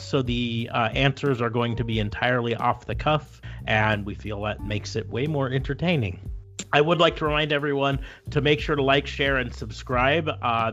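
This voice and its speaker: A man's voice: medium pitch, fairly bright tone, highs cut off. An American man hosting a wrestling podcast, joking around in loose casual chat with lots of fillers. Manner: jokey, loose, with many fillers. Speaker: podcast host.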